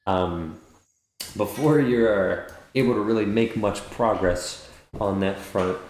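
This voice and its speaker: A man's voice: on the low side, takes it slowly, a little mellow. A man acting as game master, narrating a tabletop game in a laid-back way. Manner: laid-back, laughs easily. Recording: echoey room with faint noise.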